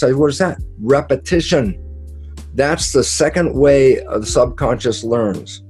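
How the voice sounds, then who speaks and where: In an interview, a man explains his ideas in a lively, casual way. He acts out quoted dialogue with sudden pitch jumps and lets slip the occasional mild swear word.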